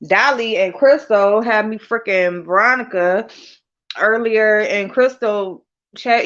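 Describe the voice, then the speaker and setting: A woman's voice: mid-range voice, unhurried, a bit bright. A woman hosting a casual livestream, talking bluntly and profanely straight to her chat. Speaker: livestream host. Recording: dull lo-fi livestream audio.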